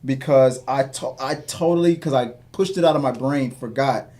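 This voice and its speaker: A man in casual film chat on a podcast, rambling and excitable with many restarts. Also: mid-range voice, normal speed. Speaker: podcast co-host.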